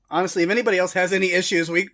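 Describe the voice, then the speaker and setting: A man's voice: sits high, fairly bright tone. A man from Texas co-hosting a podcast in casual chat, self-deprecating and laughing often. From Texas, USA. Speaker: podcast co-host.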